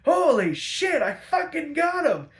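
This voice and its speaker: Man voicing a comic-book villain, excitable, stammering, raised pitch, echoey room. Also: unhurried. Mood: gleeful. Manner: stammering, giddy. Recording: roomy echo.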